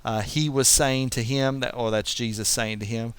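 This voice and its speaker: A man's voice: medium pitch, steady tone, moderate pace, clear, resonant tone, dry recording. A man giving a verse-by-verse Bible teaching, explaining as he goes and often restarting his sentences. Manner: explanatory, thinking aloud with frequent restarts.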